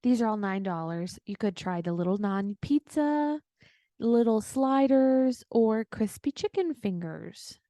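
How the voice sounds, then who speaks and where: A woman with a mellow, warm voice co-hosts a casual podcast chat. She explains details calmly and plainly. The sound is dry and close. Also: a little high, a little slow, no room sound. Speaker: podcast co-host.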